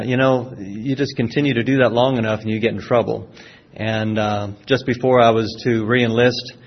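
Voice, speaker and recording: Middle-aged southern guy telling his life story to a crowd, folksy and wry, kinda muffled lo-fi sound. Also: lowish voice. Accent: Southern American. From Florida. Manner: folksy storytelling with self-deprecating humor, frequent restarts. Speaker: speaker sharing a recovery testimony. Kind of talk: personal testimony talk. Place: speaking to a live audience. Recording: dull lo-fi sound.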